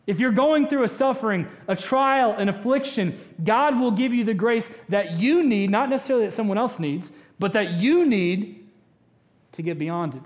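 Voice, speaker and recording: A male pastor delivering a sermon, building to emphatic, pleading passages and dropping low for quoted scripture. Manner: preaching with rising emphatic passages and acted pleas.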